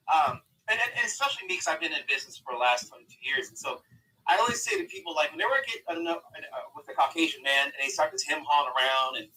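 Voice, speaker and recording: A man's voice: on the high side, sharp tone, recorded from a distance, poor audio. A man calling in to a live talk stream, speaking in a heated, profane, rambling way. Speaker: caller. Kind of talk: heated call-in conversation.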